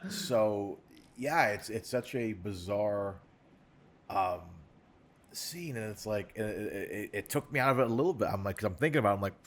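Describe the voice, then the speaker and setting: A man with a low-set voice talks casually on a podcast set, circling his points with restarts and side comments. He sounds loose and conversational, animated when a joke lands. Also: normal speed. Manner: rambling, many restarts and "like"s, animated asides. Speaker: podcast co-host. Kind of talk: casual chat. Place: podcast studio set in a recording studio.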